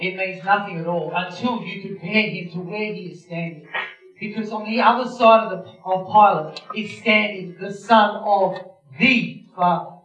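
A man with a high, fairly bright voice preaches a sermon, vividly retelling a scene and addressing his listeners directly. The recording sounds roomy, distant and dull, with faint music.

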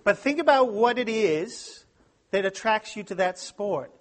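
A man's voice: high-pitched, animated, measured pace. A man giving a humorous, self-deprecating talk to a live audience at a Christian study week. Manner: joking, self-deprecating, chatty asides.

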